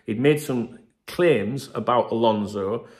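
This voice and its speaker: Casting note: male football host, chatty and emphatic, mid-pitched. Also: slow, a little mellow. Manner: chatty, emphatic, keeps asking "right?", swears. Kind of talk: casual commentary to camera.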